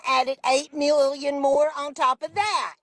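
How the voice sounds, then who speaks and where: A woman's voice: high voice, steady tone, takes it slowly, a bit bright. A woman in her forties or older, a guest on a political livestream, talking in a passionate, exasperated way and correcting herself as she goes. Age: 40s or older.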